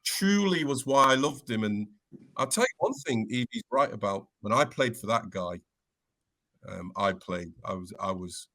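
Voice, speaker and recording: A man's voice: fairly low pitch, normal speed, pushed and bright. A man, a podcast guest, telling stories in casual chat, reflective and full of restarts.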